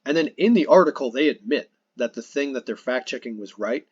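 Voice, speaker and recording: Husky-voiced man hosting a podcast. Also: mid-range voice, expressive, a little fast, darkish tone, dry recording, highs cut off. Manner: earnest, explanatory, with frequent restarts. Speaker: podcast host. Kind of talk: casual podcast conversation.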